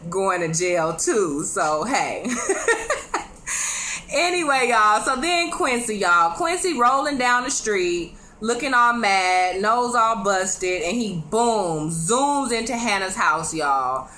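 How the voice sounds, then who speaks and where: A chatty woman gives a casual recap of a TV episode. Her voice is bright and sits a little high, and she stays animated, laughs often and talks straight to her viewers. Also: a little hiss or hum. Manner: addresses viewers directly with quick asides. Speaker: TV show reviewer.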